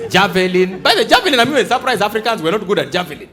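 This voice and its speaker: High-voiced Ugandan man doing stand-up. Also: normal speed, a crowd in the background, background noise. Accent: Ugandan English. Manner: animated, acts out dialogues in shifting voices. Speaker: stand-up comedian. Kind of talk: live stand-up comedy. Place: large theatre stage before a live audience.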